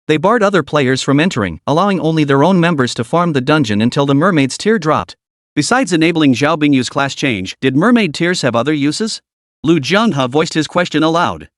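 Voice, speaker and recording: A man narrating a game fantasy story in an even scripted storytelling manner, voicing the quotes only lightly. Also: on the high side, no room sound, studio quality.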